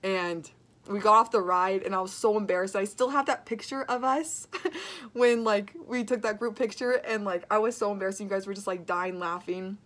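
A woman's voice: mid-range voice, fairly even intonation, normal speed, fairly bright tone. A young woman sending a friend birthday wishes in a casual video message, giggling as she tells a story. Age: young adult.

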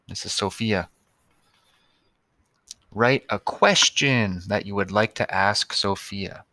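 A man's voice: fairly low pitch, animated, takes it slowly, long pauses, bright, forceful tone, dry recording. A male teacher giving a recorded lesson to young students, patient and spelling out words one by one.

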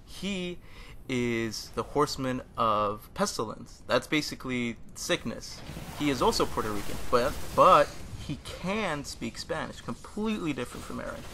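Bright-voiced young man rambling jokily. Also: mid-range voice, animated, moderate pace, slight background noise. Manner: rambling, self-deprecating joking. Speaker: gaming channel host. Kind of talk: casual voice-over commentary over gameplay.

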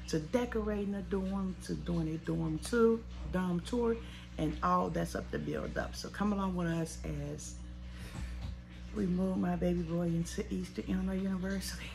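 A woman's voice: fairly low pitch, vocal fry, a little mellow. A woman in her forties, a vlogger, talking in a heartfelt, tearful, chatty way. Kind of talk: emotional vlog. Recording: noisy handheld recording.

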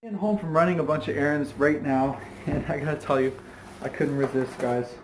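A man's voice: fairly high pitch, steady tone, fairly quick, slight background noise. A man talking casually to a handheld camera in a vlog, playful and joking. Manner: playful, joking, hums and sings silly sounds. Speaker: vlogger.

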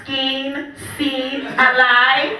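A man, doing excitable, self-mocking stand-up comedy at a live venue. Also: very high voice, extremely slow. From Angola. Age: 20s. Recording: distant, echoey live room, audience noise.

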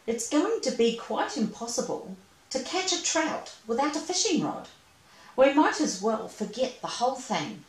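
A woman's voice: high-pitched, big pitch swings, roomy sound, recorded from a distance, voice pushed up, poor audio. A woman doing a polite patient elephant. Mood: exasperated. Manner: courteous, instructive, measured. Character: patient, polite male elephant fishing teacher.

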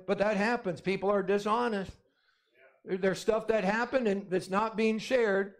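A man with a high, ringing voice preaches with insistent, repetitive emphasis. He drives points home by repeating phrases and punctuating them with amen. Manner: emphatic, repetitive, calls for amens. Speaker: pastor. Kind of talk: sermon.

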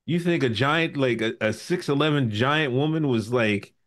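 A man hosting a casual podcast, telling stories with animated, profane banter. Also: mid-range voice, moderate pace. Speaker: podcast host.

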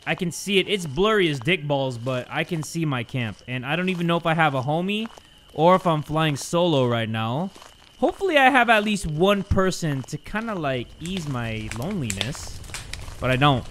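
Excitable young man playing games. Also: a little high, normal speed, slight background noise. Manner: excitable, crude joking, loud outbursts. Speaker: gaming YouTuber. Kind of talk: let's-play commentary.

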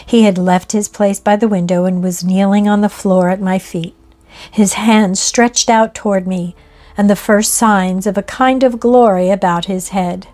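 A woman reading a ghost story aloud in a measured, expressive way. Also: medium pitch, faint music behind. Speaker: narrator. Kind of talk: scripted ghost story narration.

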